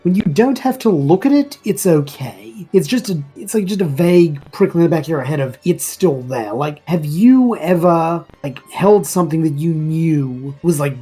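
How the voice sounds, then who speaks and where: Guy dm narrating the game, kinda rambly, mellow husky voice. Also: a little high, animated, moderate pace, few pauses, faint music behind. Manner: casual, rambling descriptions with filler words. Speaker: dungeon master.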